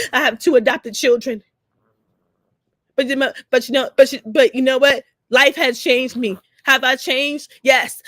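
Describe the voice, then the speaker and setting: A woman's voice: fairly high pitch, a bit bright, no room sound, clean studio sound. An older woman, speaking earnestly in an emotional livestream monologue, repeating phrases and trailing off. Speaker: vlogger.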